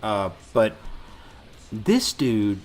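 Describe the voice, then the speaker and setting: A man's voice: lowish voice, drawn-out words, slight background noise. A man co-hosting a casual podcast, retelling a movie scene by scene with lots of swearing and laughter. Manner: animated storytelling, swearing, laughing often. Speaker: podcast co-host. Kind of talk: casual chat recapping a movie.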